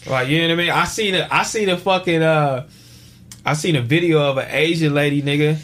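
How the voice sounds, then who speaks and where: Man, podcast guest: high bright voice, animated, slangy, acts out sound effects. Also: fairly quick. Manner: animated storyteller, profane slang, vocal sound effects, bursts of shouting. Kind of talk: casual chat, storytelling.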